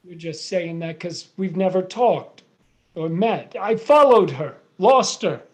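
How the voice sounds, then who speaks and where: A woman's voice: fairly low pitch, lively intonation, slow, a little mellow, slightly rough, full character voice. Woman reading a lovesick young American guy. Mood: flustered. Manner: earnest, dramatic, swings to outbursts. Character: lovesick young American man, self-pitying. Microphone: video call.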